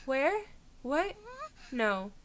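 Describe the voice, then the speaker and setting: A woman's voice: sits high, sing-song, drawn-out words, fairly bright tone, a little hiss or hum, exaggerated voice. A woman reading aloud the lines of an anxious, frightened teenage schoolgirl from a horror game. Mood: scared.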